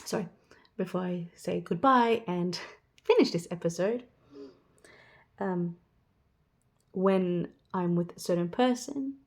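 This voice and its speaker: A woman's voice: fairly low pitch, slow, vocal fry, long pauses. A woman in her thirties talking casually to her viewers, rambling and chatty, acting out what other people say. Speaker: vlogger. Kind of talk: casual chat.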